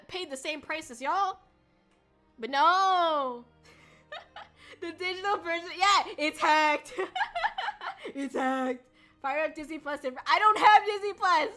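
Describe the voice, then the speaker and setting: A woman's voice: very high-pitched, normal speed, long pauses, pushed and bright, faint music behind. A woman streaming as a VTuber, chatting casually in a rambling way, swearing and laughing often. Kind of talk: casual livestream chat.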